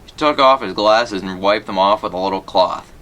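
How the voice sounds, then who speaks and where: A man's voice: fairly low pitch, normal speed, a bit bright. A man reading a children's novel aloud, telling the story plainly and voicing the characters lightly. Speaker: reader.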